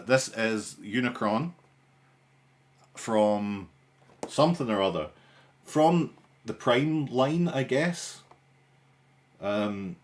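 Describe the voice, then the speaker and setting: A young man hosting a live stream in casual chat, with dry, sarcastic humour and a rambling way of talking. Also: lowish voice. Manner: rambling, with frequent restarts and fillers.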